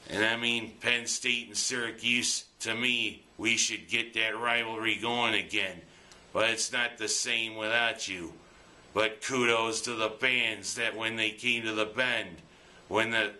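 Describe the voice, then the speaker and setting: A man's voice: fairly low pitch, pushed and bright. A man giving plainspoken, earnest weekly commentary from a script. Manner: plainspoken, earnest, slow and deliberate. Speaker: local sports and opinion commentator.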